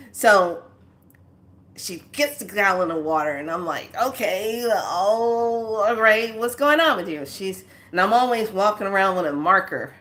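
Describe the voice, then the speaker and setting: A woman hosting her own spiritual channel, telling a story casually and acting out both sides of the conversation. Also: lowish voice. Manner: animated, acts out both sides of a conversation with laughs. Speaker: spiritual teacher and channel host.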